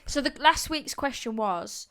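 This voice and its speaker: A woman's voice: high-pitched, lively intonation, measured pace, fairly bright tone. Giggly young woman co-hosting a chat. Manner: giggly, playful, trying silly accents. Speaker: podcast co-host. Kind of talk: casual chat between friends. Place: indoor room at a table. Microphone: desk microphone.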